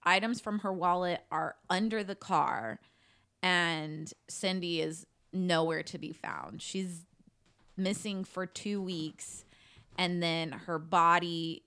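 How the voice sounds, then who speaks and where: A woman with a somewhat low voice recounts a true-crime case in a loose, conversational way. She talks like she is chatting with friends, with plenty of "like" and the odd curse word. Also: fairly even intonation, takes it slowly, a bit bright, clear, resonant tone. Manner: chatty, swears, lots of "like". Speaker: podcast co-host telling a case. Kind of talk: casual true-crime storytelling.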